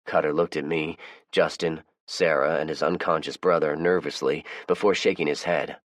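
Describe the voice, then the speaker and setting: Very deep-voiced male audiobook narrator. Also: steady tone, moderate pace, no room sound. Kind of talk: first-person audiobook narration.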